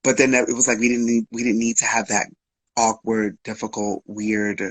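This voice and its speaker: A man's voice: on the low side, level tone, normal speed, a bit bright, husky, dry recording, poor audio. A man speaking as a guest, openly telling a personal story in a frank, emotional way, with slang and swearing.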